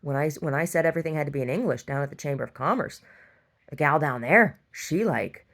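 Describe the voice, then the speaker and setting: With a deep, slightly bright voice and a fairly quick pace, a middle-aged store owner rambles through a long, casual story. She gets exasperated as she goes and makes many restarts.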